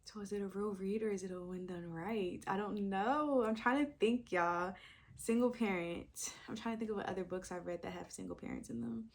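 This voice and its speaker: A woman's voice: medium pitch, fairly quick. Chatty young woman thinking aloud. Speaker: book vlogger. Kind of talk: casual chat.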